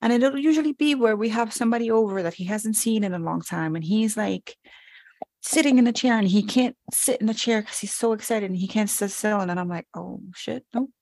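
A woman's voice: medium pitch, a little fast, darkish tone, no echo. A woman in her thirties, a podcast co-host, chatting candidly and telling stories about her children. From New York. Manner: candid, storytelling, acts out her kids' lines. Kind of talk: casual chat.

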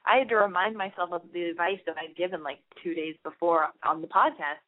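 Young woman, podcast host, chatty, candid, animated storyteller, narrow phone-like sound. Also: lowish voice, brisk, hardly any pauses. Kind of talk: podcast call-in chat.

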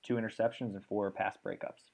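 Young man, podcast host, casual chat, slightly low voice, eager, filler-heavy. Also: little pitch movement, a little fast, vocal fry, a little mellow, breathy edge. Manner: enthusiastic, rattles off stats with fillers.

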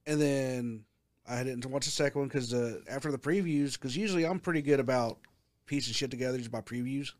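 A man co-hosting a podcast, making quiet, mumbled asides with many restarts. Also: medium pitch, a little fast, dry recording, clean studio sound. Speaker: podcast co-host. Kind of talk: casual podcast chat.

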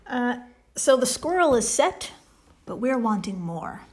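A woman co-hosting a casual science podcast explains a problem step by step, playful and joking throughout. Her voice is fairly high and very animated, and she keeps a measured pace.

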